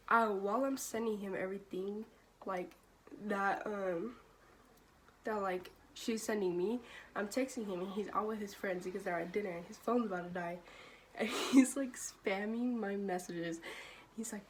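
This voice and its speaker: Young woman vlogger, casual storyteller, swears freely, laughs between lines, mid-pitched, faint background hum. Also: moderate pace. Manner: casual, profane, laughs often, many "like" fillers. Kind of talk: storytime vlog.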